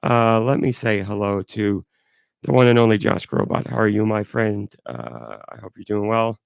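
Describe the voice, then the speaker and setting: A sick man hosting a live podcast with a hoarse, stuffy voice, rambling and apologetic. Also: lowish voice, moderate pace, dry recording, studio quality. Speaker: podcast host. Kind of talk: casual live podcast chat.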